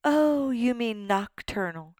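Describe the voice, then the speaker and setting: A woman voicing a stern, quiet older female schoolteacher in a storybook reading, measured and firm. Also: a little high, lively intonation, dry recording, pitched above the performer's own voice. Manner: measured, soft-spoken, firm.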